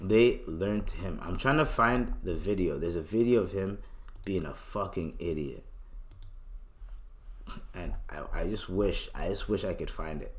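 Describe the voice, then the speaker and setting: A man's voice: sits low, measured pace, long pauses. A man hosting a podcast alone, ranting loosely with lots of slang and swearing. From Canada. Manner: loose, profane, rambling rant with slang. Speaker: podcast host. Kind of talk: casual solo commentary.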